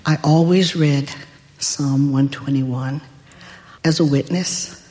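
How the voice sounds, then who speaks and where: An older woman telling a personal story in a deliberate, wry way. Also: sits low, a little mellow. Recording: long hall reverb.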